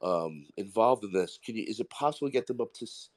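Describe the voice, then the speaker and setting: A man's voice: on the low side, lively intonation, fast. A man, calling in to a live audio Q&A and speaking bluntly and at length. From the Bronx, New York. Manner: blunt, rambling and emphatic. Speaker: caller asking a question.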